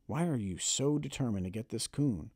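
A man reading an audiobook, voicing a patient rural father who speaks in a slow, calm, gentle way. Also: medium pitch, slightly rough, no room sound, studio quality. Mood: calm fatherly.

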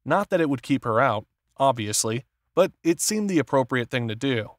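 A man's voice: mid-range voice, no room sound. Dry-voiced male audiobook narrator. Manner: steady, measured reading. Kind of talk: scripted narration.

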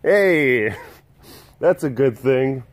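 A man's voice: medium pitch, expressive, extremely slow, no echo. A middle-aged man hosting a casual vlog, talking in a rambling, hesitant way with many fillers. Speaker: big cat sanctuary vlogger.

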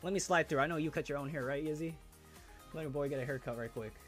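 A young man hosting a live stream, chatting casually and excitedly with viewers in slang as he opens trading cards. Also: fairly high pitch, quick pace, soft background music.

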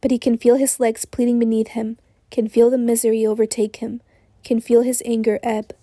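A woman with a hoarse voice narrating an audiobook in a measured, intense reading. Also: a little high, level tone, dark tone, no room sound, studio quality.

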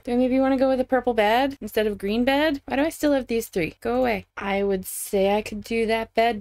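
A woman's voice: mid-range voice, no echo. A woman casually thinking aloud while building in a game, questioning herself, indecisive and swearing now and then. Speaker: gaming content creator.

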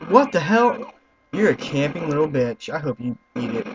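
A young man giving let's-play commentary, excitable, swearing and yelling at other players. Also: fairly high pitch, moderate pace, a crowd in the background. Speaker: gaming YouTuber. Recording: slightly muffled with faint noise.

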